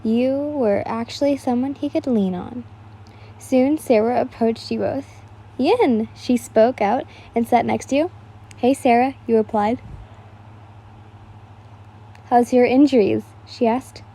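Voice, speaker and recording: A woman's voice: a little high, measured pace, dark tone, breathy edge. A young woman casually reading fan fiction aloud, tired and yawning, breaking off for chatty asides.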